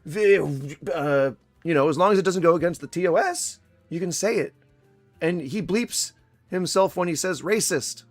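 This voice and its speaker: A man's voice: on the high side, normal speed, no room sound, soft background music. A man giving casual reaction commentary in a sarcastic, rambling, mocking manner.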